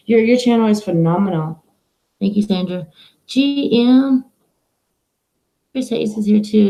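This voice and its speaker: Mellow-voiced woman chatting on a live stream. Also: lowish voice, low-quality recording. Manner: rambling, chatty, talks to her viewers and her dog. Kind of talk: casual live-stream chat.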